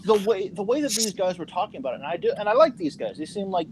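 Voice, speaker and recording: A man's voice: high voice, expressive, racing, crowd noise. A young man ranting heatedly about video games on a casual podcast, stumbling and restarting his sentences. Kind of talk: casual gaming podcast chat.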